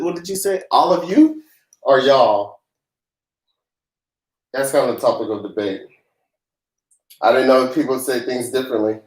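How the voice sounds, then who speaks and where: A man's voice: medium pitch, darkish tone. A man who grew up in the South, hosting a casual live-stream Q&A as a tax professional, chatty and joking with loose laughter. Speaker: tax professional livestream host. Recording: roomy echo.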